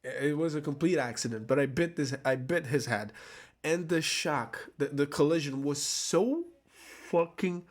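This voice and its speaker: A man's voice: a little high, measured pace. A man telling a story to camera in a casual, rambling way, swearing often, laughing at himself and restarting his sentences. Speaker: vlogger.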